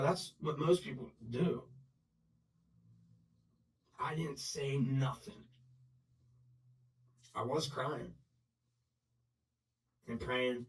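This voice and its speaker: A man telling his own story in blunt, profane, halting talk full of restarts and fillers. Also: mid-range voice, recorded from a distance, low-quality recording. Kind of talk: unscripted personal storytelling.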